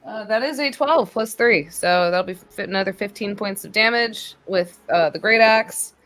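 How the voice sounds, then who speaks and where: A woman's voice: medium pitch, moderate pace, a bit bright. A woman playing a tabletop game, animatedly describing her character's attacks with many fillers. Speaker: player.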